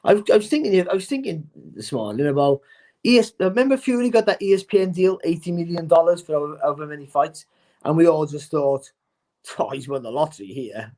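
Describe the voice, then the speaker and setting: Acting as a boxing pundit in a casual chat, a man talks fast in a slightly high voice. He's animated and often repeats words when starting a point.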